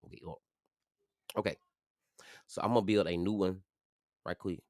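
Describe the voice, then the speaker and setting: A man in his forties hosting a live stream, rambling and swearing, his voice jumping high when he rants. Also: fairly even intonation, moderate pace, no room sound, clean studio sound. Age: 40s. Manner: profane, rambling, jumps high and loud when ranting. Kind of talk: casual live commentary rant.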